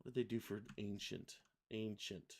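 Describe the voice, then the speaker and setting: A man hosting a live software tutorial, thinking aloud and correcting himself as he works. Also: lowish voice, fairly even intonation, moderate pace, gravelly. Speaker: software livestream host. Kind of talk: casual live software demo.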